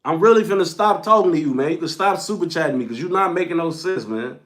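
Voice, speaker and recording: A man's voice: on the high side, animated, fast, a bit bright. A young man hosting a livestream, speaking as he scolds his chat in a heated, repetitive, slangy rant. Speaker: livestream host.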